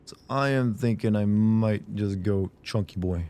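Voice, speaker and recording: Hoarse low-voiced man streaming games. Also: measured pace, mellow. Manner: rambling, jokey, chats with viewers. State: hoarse from a sore throat. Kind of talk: casual gameplay commentary.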